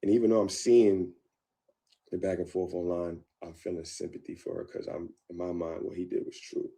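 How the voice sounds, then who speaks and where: A man tells his story in a candid interview. His voice sits low and gravelly with a dark, mellow tone. He acts out what he once thought and loops back on his own phrases. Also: level tone, normal speed. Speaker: guest.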